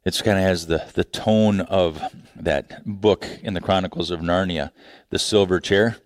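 A male pastor preaches a sermon slowly and deliberately, his expressive delivery swinging widely in pitch as he drops low and quiet, then climbs high and emphatic. He restarts phrases often. The sound is dry and close, with little room echo.

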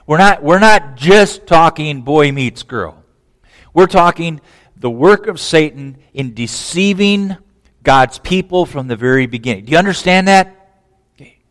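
Animated male preacher, higher-pitched voice, long church reverb. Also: a little slow. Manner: animated, repeats words, asks the audience questions. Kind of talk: sermon.

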